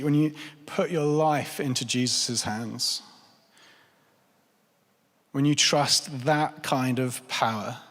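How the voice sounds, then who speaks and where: A man in his thirties preaching a sermon in church, earnest and pleading, repeating phrases for emphasis. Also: fairly high pitch. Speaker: pastor. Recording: long church reverb.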